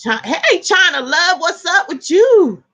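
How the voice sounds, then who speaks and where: A woman's voice: extremely high pitch, a little slow. A woman hosting a casual tarot live stream, chatting with viewers, reading their comments aloud and laughing easily. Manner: laughs easily, animated exclamations.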